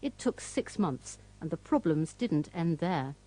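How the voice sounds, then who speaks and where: A woman giving scripted documentary narration in a measured, even way. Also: deep voice, poor audio.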